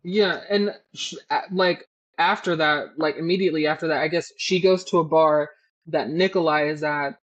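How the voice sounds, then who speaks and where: A woman cohosting a podcast, recapping a book in a casual, animated and profane way. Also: low-pitched, moderate pace.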